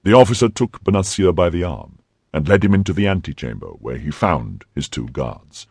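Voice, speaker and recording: A man reading a classic novel aloud in steady, even narration. His voice is deep and husky, with lively movement in pitch. The recording is close and dry. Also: moderate pace, no echo. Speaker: audiobook reader. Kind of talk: scripted narration.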